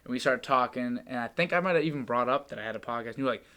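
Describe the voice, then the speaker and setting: A young man hosting a casual podcast chat, animated and joking as he tells stories. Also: medium pitch, racing. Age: young adult. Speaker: podcast host.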